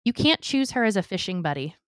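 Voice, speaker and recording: A young adult woman co-hosting a casual podcast, chatty and animated, telling stories with quoted voices. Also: medium pitch, brisk, clear, resonant tone, dry recording, studio quality. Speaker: podcast co-host. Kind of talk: casual chat.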